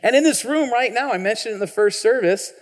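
A man in his thirties from Washington state, a pastor preaching a sermon in an animated, conversational way, with frequent restarts and questions to the congregation. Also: very high-pitched, brisk. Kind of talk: sermon with personal storytelling. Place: church sanctuary. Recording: long reverb of a church hall.

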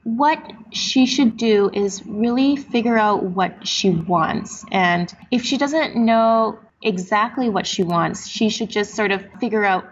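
A woman guest on a podcast, a doctor, giving earnest, measured advice. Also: mid-range voice, lo-fi sound, a little hiss or hum. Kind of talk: podcast interview.

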